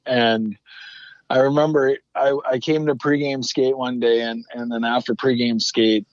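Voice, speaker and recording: A man's voice: mid-range voice, steady tone, unhurried, no room sound. A man telling stories on a podcast, looping back and restarting mid-sentence with a casual, salty edge. His voice comes through slightly muffled and lo-fi. The sound is dry, with no room around it. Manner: rambling with frequent restarts and swearing. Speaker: guest, former hockey player. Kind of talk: casual storytelling interview. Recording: muffled lo-fi remote audio.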